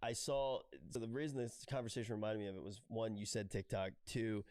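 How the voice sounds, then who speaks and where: A man's voice: lowish voice, a little mellow, clean tone, no room sound, clean studio sound. Rambling, laughing man on a call. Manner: rambling storyteller, laughs often, halting restarts. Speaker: streamer's call guest. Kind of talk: casual chat on a voice call.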